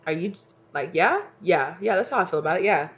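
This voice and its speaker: A woman's voice: fairly low pitch, animated, a little fast, muffled recording, lightly acted. A woman voicing a manipulative, two-faced female friend in a wheedling, sing-song manner. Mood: coaxing.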